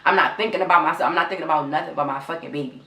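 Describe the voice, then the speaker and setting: Young woman vlogger, low voice, near tears, raw and repetitive, echoey room. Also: very fast, sharp tone. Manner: raw, repetitive, swears often, talks straight to viewers. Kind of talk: emotional storytime vlog.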